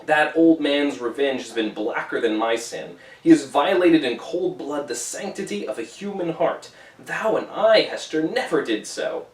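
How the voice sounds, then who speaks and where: A man's voice: on the high side, animated, normal speed, far from the mic, lightly acted. A man voicing a guilt-stricken, despairing minister who speaks in a solemn, old-fashioned way. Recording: roomy echo, away from the mic.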